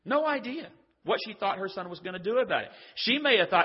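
An older pastor preaches a sermon in a conversational, joking style, speaking fairly quickly in a high, slightly rough voice with big pitch swings. He acts out the voices of people in his stories. The lo-fi audio is dull and has long hall reverb.

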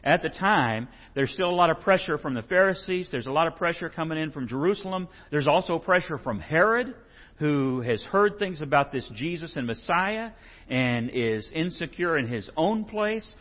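A man's voice: on the high side, moderate pace. A man preaching a casual, conversational sermon, reading scripture and acting out the quoted lines. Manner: animated, conversational, acts out quotes. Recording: lo-fi muffled recording.

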